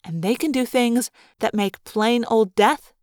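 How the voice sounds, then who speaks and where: A woman narrating a first-person story aloud as a fan audiobook reader, with a lively, expressive delivery. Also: on the high side, unhurried, dry recording, clean studio sound.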